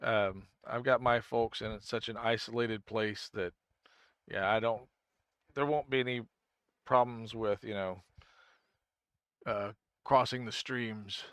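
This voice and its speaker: A man's voice: on the low side, fairly even intonation, slow pace, long pauses, a bit bright, clear, resonant tone, dry recording. A man streaming a game, chatting casually with viewers and thinking aloud, often restarting his sentences. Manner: rambling, thinks aloud, answers chat; frequent self-restarts. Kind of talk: casual live-stream chat.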